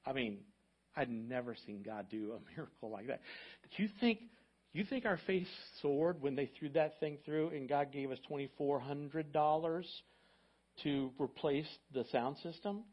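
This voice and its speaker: A man's voice: a little high, moderate pace. Storytelling pastor, man, dull-sounding recording. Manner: conversational storyteller, swings from hushed to loud. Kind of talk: storytelling sermon. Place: church sanctuary.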